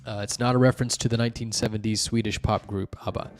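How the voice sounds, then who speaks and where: A man with a lowish voice talks through article reviews off the cuff. He rambles, stacks up fillers and restarts his sentences as he explains things at length. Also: level tone, fast talker, faint music behind. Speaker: host reviewing wiki articles. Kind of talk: casual solo commentary.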